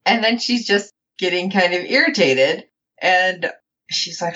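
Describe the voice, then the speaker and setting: A woman co-hosting a casual recap show, animated and acting out the characters' lines as she tells it. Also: fairly low pitch, normal speed, muffled recording, slight background noise. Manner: animated, quotes characters in playful voices. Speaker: podcast co-host.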